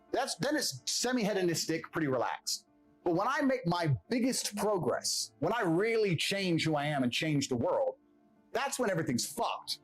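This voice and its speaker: A man's voice: on the high side, low-quality recording. A man who grew up in England delivers a blunt, profane, self-assured motivational monologue as a podcast guest.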